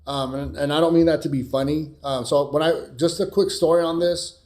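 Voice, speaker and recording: Fielding viewer questions live, this young Californian cybersecurity streamer rambles casually, full of fillers and restarts, occasionally blunt and profane. His voice sits on the high side, steady, brisk and a little mellow.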